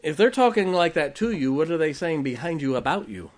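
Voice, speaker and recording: A man's voice: fairly high pitch, big pitch swings, brisk. A man preaching a sermon as pastor, emphatic, with rhetorical questions, joking asides and check-ins with the congregation.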